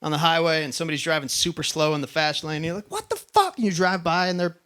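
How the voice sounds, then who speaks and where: A man's voice: fairly high pitch, little pitch movement, fast talker, a bit bright, clear, resonant tone. Profane conversational male stand-up comic. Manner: profane, conversational, does mock voices of others. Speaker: stand-up comedian. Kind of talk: stand-up set. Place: live comedy venue.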